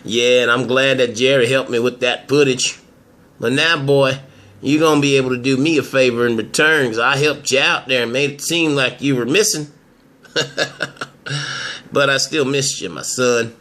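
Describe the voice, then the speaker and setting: A man voicing a scheming older father in an amateur soap drama, speaking low, gruff and slow. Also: steady tone, bright, forceful tone, lightly acted. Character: scheming older father, a crook, proud of his son.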